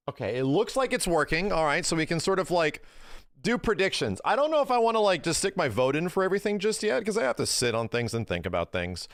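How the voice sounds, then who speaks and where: A man's voice: a little high, no echo. A man live-streaming, chatting casually with his viewers, rambling through opinionated takes and swearing freely.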